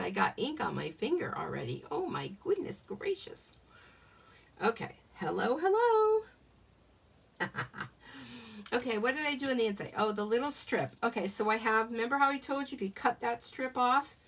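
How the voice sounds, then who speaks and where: A woman's voice: a little high, creaky, fairly bright tone, breathy edge. A middle-aged woman demonstrating card-making on a live stream, chatty and self-joking, laughing often. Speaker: craft demonstrator. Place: home craft desk. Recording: voice a bit far from the mic.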